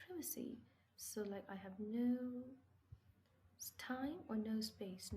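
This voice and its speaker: A woman with a fairly high, darkish voice teaches English vocabulary in a slow classroom explanation, patiently asking questions and answering them herself while stressing key words. She sounds animated yet unhurried, though the audio is poor with slight background noise.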